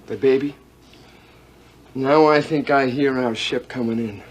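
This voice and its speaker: Actor playing a smooth-talking schemer. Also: male voice, mid-range voice, measured pace, close to an everyday voice. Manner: coaxing, persuasive. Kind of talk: 1980s TV soap opera acting.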